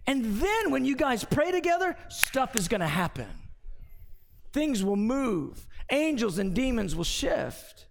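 A man's voice: very high voice, sing-song, a little slow, vocal fry, a little hiss or hum. A man preaching a sermon as pastor, conversational, with anecdotes and asides, in a church sanctuary. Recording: long reverb from a large hall.

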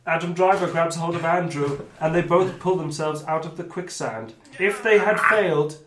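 Game master reading the adventure. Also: male voice, a little high, moderate pace, noisy background. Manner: reads narration, then breaks off for sweary asides. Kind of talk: reading a tabletop adventure aloud. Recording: echoey room.

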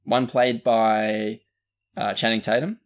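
A man's voice: lowish voice, little pitch movement, takes it slowly. An Australian man co-hosting a casual podcast, rambling through a movie review with lots of fillers and restarts. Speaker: podcast co-host.

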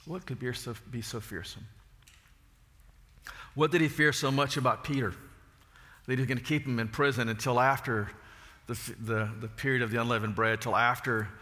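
A man's voice: mid-range voice, steady tone, normal speed, pauses often, sharp tone, in a large hall. A man preaching a sermon, telling folksy stories and asking rhetorical questions.

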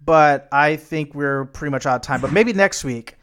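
A man's voice: on the high side, moderate pace, a bit bright, clear, resonant tone. A young American man co-hosting a podcast, chatting casually, laid-back and swearing, rambling a bit. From United States. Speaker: podcast co-host. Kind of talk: casual chat.

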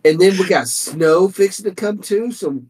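A man's voice: sits high, a little mellow, breathy edge. Rambling man on a podcast. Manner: rambling, halting restarts, drawling. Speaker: podcast co-host. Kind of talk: casual chat.

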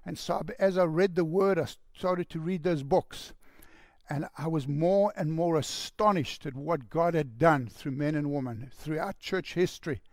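A male pastor preaching an impassioned sermon, building to loud shouts at its peaks. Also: fairly high pitch, normal speed, no room sound, studio quality.

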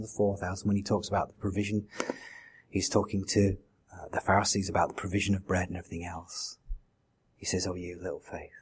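A man's voice: on the low side, darkish tone, breathy edge. A man preaching a sermon in a conversational way, full of rhetorical questions. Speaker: pastor.

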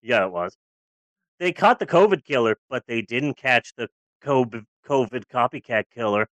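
A podcast co-host in casual movie-review chat who is sarcastic and profane, swinging from loud outbursts to low grumbles. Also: lively intonation, normal speed, no room sound.

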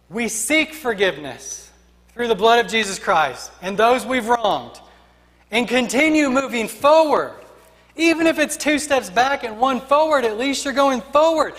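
A man's voice: extremely high pitch, fairly bright tone, in a large hall. A man preaching a sermon as pastor, emphatic and rhythmic, building his points through repeated refrains.

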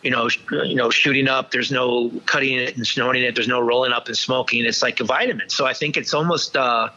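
A man recounts his own past as an interview guest, halting often and restarting his sentences. His voice is bright and forceful, pitched in the middle for a man. The sound is dull and lo-fi. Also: fairly even intonation. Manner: halting, many restarts and fillers. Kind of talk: candid personal storytelling.

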